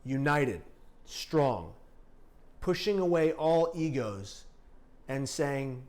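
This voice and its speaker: An earnest man hosts a conversation, asking his guest questions and making his points with conviction. His voice sits at an ordinary middle pitch. He speaks in a plain, conversational way. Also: sing-song, extremely slow, pauses often, darkish tone. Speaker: interviewer and documentary maker. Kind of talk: casual conversational interview.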